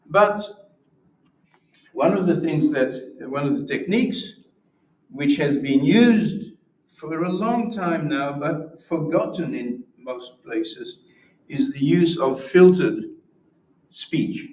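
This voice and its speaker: A man's voice: a little high, expressive, slow, a little mellow. A man giving an academic lecture with demonstrations, explaining patiently and often restarting his words. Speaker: symposium presenter. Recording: roomy echo from far off.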